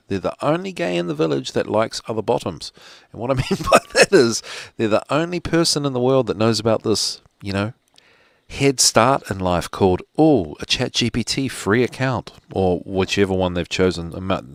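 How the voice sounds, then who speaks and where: A man's voice: on the low side, no echo, studio quality. A man hosting a live show from home, rambling casually with joking asides. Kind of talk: casual rambling livestream talk.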